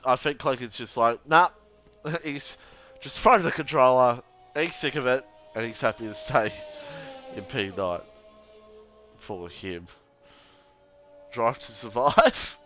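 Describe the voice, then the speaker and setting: A young man calls a sim racing qualifying session on a live stream, talking casually and laughing often as he jokes with chat. His voice sits at an ordinary middle pitch, with faint music playing underneath. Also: pushed and bright. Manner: chatty and laughing, banters with chat and co-hosts. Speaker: sim racing league commentator.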